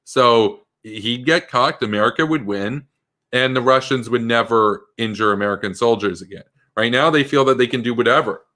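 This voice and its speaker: A man's voice: medium pitch, moderate pace, bright, forceful tone. A man giving a political commentary monologue in an emphatic, combative way, full of rhetorical questions.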